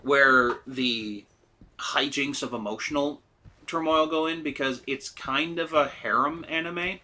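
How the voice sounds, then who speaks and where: Male let's-play co-host, bright, sharp tone, talkative, puts on quick character voices. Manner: chatty, animated, mimics characters in high voices. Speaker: gaming channel co-host. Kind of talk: casual let's-play chat.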